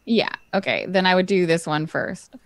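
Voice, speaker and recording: A woman's voice: on the low side, animated, normal speed, a little hiss or hum. Hesitant woman player at a tabletop game. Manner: hesitant, lots of fillers and hedging. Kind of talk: casual tabletop game play.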